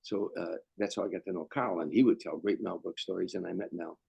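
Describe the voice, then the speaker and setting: Older man, comedian guest, rambling anecdotes, low pitch, dry close sound. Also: steady tone, fast, creaky, warm tone, slightly rough, no room sound, rough recording. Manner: rambling, repeats words, restarts. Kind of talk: anecdotal storytelling.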